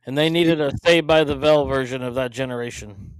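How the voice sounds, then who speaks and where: A man in a casual chat, cutting in with jokes and quick reactions. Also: mid-range voice, clear, resonant tone, poor audio.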